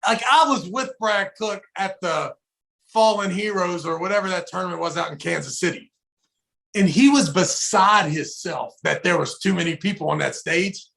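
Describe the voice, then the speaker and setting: A podcast co-host tells a story in casual chat, his male voice sitting high with vocal fry at a normal speed. He swears freely and animatedly acts out what people said.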